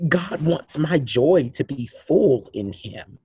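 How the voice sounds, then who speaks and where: An earnest man speaking to a church congregation about a reading plan, often stumbling and restarting his sentences. His voice has a husky, slightly breathy edge. The recording is dry and close, with no room echo. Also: fairly high pitch, sing-song, slow, few pauses, a little mellow. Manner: earnest, restarts often, reads scripture aloud. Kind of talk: church announcement talk.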